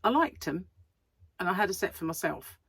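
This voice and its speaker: A woman's voice: on the low side, lively intonation, moderate pace, gravelly, a bit bright, husky, dry recording. A middle-aged woman, chatting casually and rambling to camera as a crochet vlogger, laughing often.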